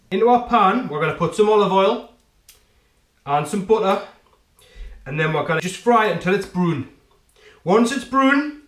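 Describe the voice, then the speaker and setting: His voice is high and fairly bright as he chats and jokes his way through a chopping demonstration on his home cooking show. Addressing the viewer directly, he keeps asking "right?" in a jokey, talkative way. The audio carries kitchen echo and a little faint noise.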